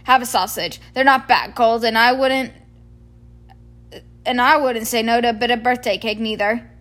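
A woman voicing a huge, gruff, friendly male giant in a read-aloud storybook, talking loudly and heartily in rustic speech. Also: a little high, fairly even intonation, normal speed, natural voice. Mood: reassuring.

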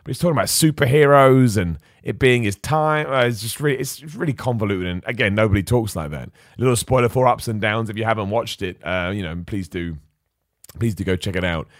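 A man's voice: on the low side, dry recording, clean studio sound. A man hosting a podcast, chatting casually and with opinions about wrestling, reading out viewer comments and often stumbling over his words. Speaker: podcast host. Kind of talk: casual wrestling chat, reading super chats.

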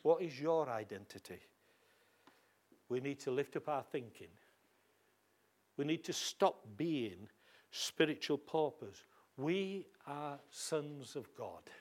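A man's voice: on the high side, expressive, slow pace, pauses often, a little mellow. Emphatic male preacher from Northern England. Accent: Northern English. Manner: emphatic, call-and-response. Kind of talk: sermon. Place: church hall.

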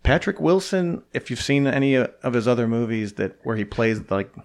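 A man co-hosting a podcast, chatting casually about a film in a measured, hesitant way. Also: medium pitch, expressive. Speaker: podcast co-host. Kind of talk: casual movie chat.

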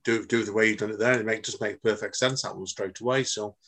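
A man's voice: fairly low pitch, fairly even intonation, fast, a bit bright. A man hosting a podcast, chatty and matey with his guest. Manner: chatty, calls guest mate. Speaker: podcast host. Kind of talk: casual podcast interview.

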